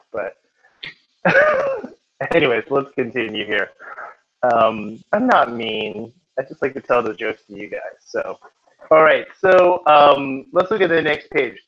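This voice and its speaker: This test-prep tutor teaching in a classroom has a man's voice on the high side with a fairly bright tone. He's chatty and jokes with his students, though the recording sounds dull.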